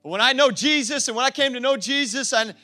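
A man preaching a lively sermon as pastor, laughing often and acting out quoted voices. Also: very high voice, fast, soft background music. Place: church.

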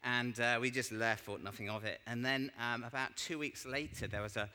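A man's voice: mid-range voice, steady tone, normal speed, background noise. A man giving an informal sermon as a church speaker. He tells stories in a chatty, self-deprecating way. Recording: long hall reverb.

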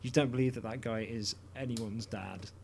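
A man co-hosting a podcast, rambling through animated opinions in casual chat. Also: medium pitch, moderate pace, gravelly, slight background noise. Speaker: podcast co-host.

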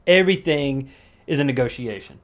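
A man of middle pitch chatting as a podcast co-host. He sounds laid-back and crude, and he pokes fun at himself. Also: animated, brisk. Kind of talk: casual chat.

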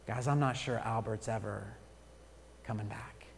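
A pastor preaching a sermon in a church, moving between hushed, pleading warnings and loud, rousing encouragement. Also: male voice, lowish voice, unhurried, vocal fry, long reverb tail, noisy background. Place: church sanctuary.

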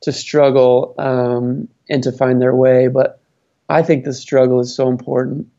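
A man speaks reflectively about family businesses, often pausing and restarting his sentences. His voice sits at a middle pitch. The recording is dull and slightly lo-fi. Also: little pitch movement, creaky, mellow. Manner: thoughtful, with many fillers and restarts. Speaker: guest advising family businesses. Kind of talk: conversational interview answers. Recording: dull lo-fi sound.

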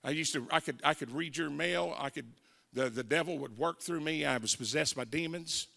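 A man's voice: fairly high pitch, normal speed, vocal fry, sharp tone. A man in his forties with a Southern accent, preaching his testimony as an evangelist and acting out the voices in his story. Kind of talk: testimony sermon. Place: church sanctuary. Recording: reverberant church hall.

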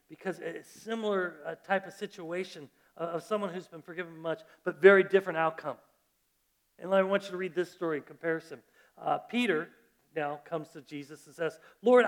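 A male pastor preaching a sermon, telling a story in a lively way and often restarting his phrases. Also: high voice. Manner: animated storytelling with repeated restarts.

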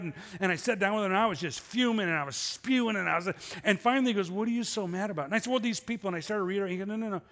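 A man's voice: high-pitched, fairly bright tone, in a large hall. A middle-aged man preaching a sermon as pastor, conversational and full of rhetorical questions. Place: church sanctuary.

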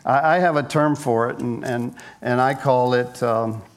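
A man's voice: mid-range voice, a little slow. A man preaching a conversational sermon as a pastor, joking and telling stories, often repeating words as he goes. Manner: playful, joking storyteller; frequent word repeats.

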